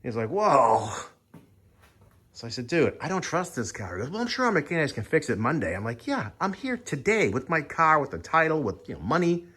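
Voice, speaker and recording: A man's voice: a little high, very animated, brisk, bright, forceful tone, breathy edge. A man casually recounting a frustrating car-buying visit, acting out both sides of the dialogue with exasperation. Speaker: vlogger. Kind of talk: casual storytelling.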